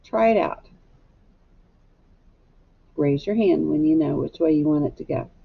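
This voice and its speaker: A woman's voice: sits low, a little slow, gravelly, husky. A woman teaching a phonics lesson to young children, patiently asking them to repeat words after her. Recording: slightly dull lo-fi recording.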